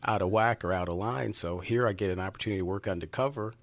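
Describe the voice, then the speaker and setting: A middle-aged man with a fairly low voice tells animated, folksy stories from his police days. The sound is dry and close, with no room around it. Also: quick pace, no echo. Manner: folksy, animated storyteller, acts out voices in quotes. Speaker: retired police officer guest. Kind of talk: casual storytelling chat.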